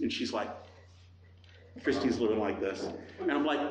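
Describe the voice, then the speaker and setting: A middle-aged male pastor delivers a sermon in an animated storytelling way, acting out the people in his story. His voice sits at an ordinary pitch for a man. The recording carries a noticeable room echo over a faint ambient hum. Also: normal speed, pauses often. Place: church hall.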